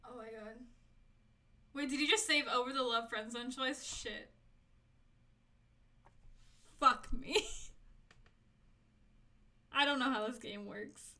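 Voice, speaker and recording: A young woman streams herself playing a game, reacting loudly with frequent swearing and laughter. Her voice is very bright and sits fairly high. She talks into a desk microphone. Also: a little slow, long pauses. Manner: excitable, swears and laughs often. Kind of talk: live gameplay commentary. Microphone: desk mic, no camera.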